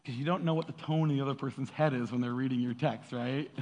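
A man giving a casual, animated sermon, acting out quoted voices and laughing often. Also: mid-range voice, brisk, big-room sound. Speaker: pastor.

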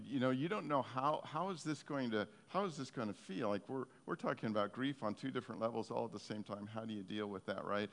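A man preaching a sermon, telling stories in an earnest, heartfelt way. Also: mid-range voice. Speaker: pastor. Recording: long reverb of a hall.

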